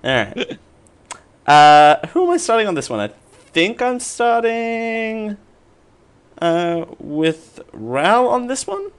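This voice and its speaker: A man hosting a casual podcast and reading quiz questions, playful and quick to laugh. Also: sits high, very animated, clean tone. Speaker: quiz host.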